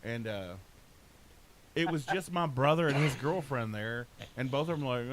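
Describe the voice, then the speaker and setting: A man's voice: mid-range voice, normal speed, rough recording. A man tells an easygoing story about home on a podcast, voicing his family's replies along the way. A faint hiss sits under his voice. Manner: laid-back storyteller quoting others. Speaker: podcast co-host. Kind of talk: casual chat.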